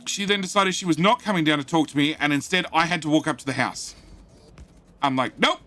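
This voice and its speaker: Male game streamer, casual rambling chat to viewers, fairly high and bright voice, offhand swearing. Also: brisk, faint music behind. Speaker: gaming live streamer. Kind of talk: casual live-stream chat, reading chat aloud. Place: home studio.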